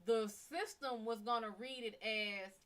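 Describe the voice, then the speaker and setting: A woman's voice: fairly high pitch, a little slow. Blunt, cussing woman telling a story. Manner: blunt, heavily profane, animated retelling. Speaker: psychic reader and live-stream host. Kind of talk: casual storytelling on a live stream.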